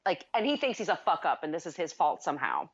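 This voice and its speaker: A woman's voice: deep voice, very animated, fast talker, breathy edge, lo-fi sound. A woman co-hosting a casual film review chat, retelling plot scenes at length. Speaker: podcast co-host.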